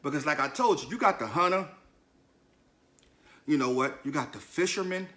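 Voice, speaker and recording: A man's voice: on the high side, expressive, normal speed, pushed and bright. A man hosting a podcast, telling a personal story in a blunt, confessional, slangy way and speaking straight to his listeners. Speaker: podcast host. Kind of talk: candid personal storytelling monologue.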